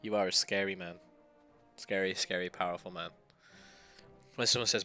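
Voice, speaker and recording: A man's voice: sits low, steady tone, moderate pace, pauses often, sharp tone, faint music behind. Playful male game streamer. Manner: playful, giggly asides. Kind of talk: casual gaming stream chat.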